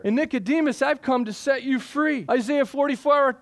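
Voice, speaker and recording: A middle-aged man preaching a sermon as pastor, emphatic, repeating key phrases and dropping low for stress. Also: normal speed, few pauses, a bit bright.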